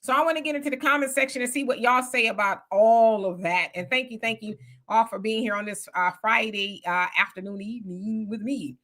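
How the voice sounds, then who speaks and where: A woman hosting a live commentary stream with a high, bright voice. She talks loosely and conversationally, firing off emphatic rhetorical questions one after another. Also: fairly quick. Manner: loose conversational street talk. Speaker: commentary host. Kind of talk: livestream commentary.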